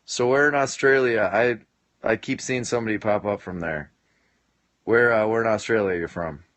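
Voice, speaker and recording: A man in his late twenties chats casually on a home live stream, joking with viewers and laughing often. His voice sits fairly low, and the sound is dry and close, with almost no room echo. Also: moderate pace, a bit bright. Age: late 20s. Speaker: live-stream host answering viewer comments. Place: home basement.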